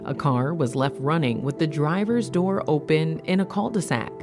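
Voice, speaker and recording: A woman hosting and narrating a documentary series in a measured, matter-of-fact way. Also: low voice, music in the background. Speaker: host and narrator.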